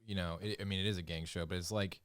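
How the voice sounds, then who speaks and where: A man's voice: sits low, fairly even intonation, fast, a bit bright, clear, resonant tone, dry recording, studio quality. A man co-hosting a podcast in casual chat, rambling and joking, with frequent restarts. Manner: rambling, restarts often, jokey. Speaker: podcast co-host.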